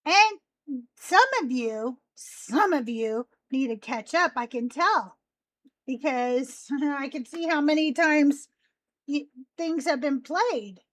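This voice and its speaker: Woman host w a high young-sounding voice, chatty n rambly, dry close sound. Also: slow pace, no room sound. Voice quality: youthful, teen-like voice. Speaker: host of a live call-in show. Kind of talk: casual live-stream chat.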